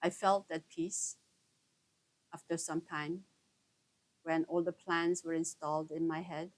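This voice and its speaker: A woman slowly recounting a personal experience in an earnest, intimate way, breaking her sentences into short halting phrases. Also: sits low, little pitch movement, rough recording. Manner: halting, broken into short pauses. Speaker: storyteller sharing a personal experience. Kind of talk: slow reflective personal storytelling.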